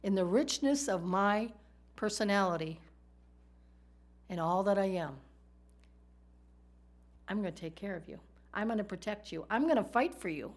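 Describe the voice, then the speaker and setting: A woman's voice: mid-range voice, animated, normal speed, pauses often. A woman teaching a sermon in a conversational way, asking her listeners rhetorical questions. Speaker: Bible teacher.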